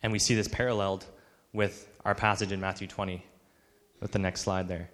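A man delivers an earnest sermon in a fairly low voice. He slips into the voices of the people he quotes. A long reverb trails behind him, like a large church hall. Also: flat delivery, a little fast, a bit bright. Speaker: pastor.

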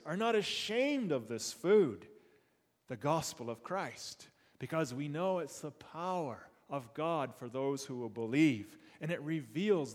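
A man preaching a sermon, asking his listeners rhetorical questions and building up to excited, rising passages. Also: fairly high pitch. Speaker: pastor. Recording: long hall reverb.

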